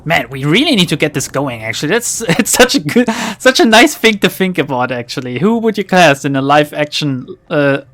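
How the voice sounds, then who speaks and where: Brief: streamer, rambly and giggly, lively swinging pitch. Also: moderate pace, hardly any pauses. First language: German. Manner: rambling, laughing, tangential. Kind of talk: casual let's play chat.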